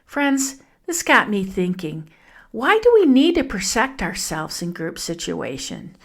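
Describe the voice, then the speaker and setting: Slow, reflective woman podcaster. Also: medium pitch, very animated. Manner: gentle, reflective, speaking to listeners as friends. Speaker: podcast host.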